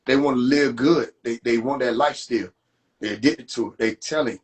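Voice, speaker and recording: A man ranting and mocking in a profane, animated rant to a live audience, streamed from a phone. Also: medium pitch, a little fast. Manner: animated, profane, rants and mocks. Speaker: livestream host. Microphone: phone livestream.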